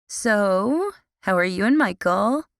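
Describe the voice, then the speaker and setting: A woman voicing an excitable, romantic teenage girl who gushes loudly and squeals with delight. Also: mid-range voice, slow pace, gravelly, no room sound, clean studio sound, voice pushed up. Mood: eager. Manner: squealing, gushing and loud.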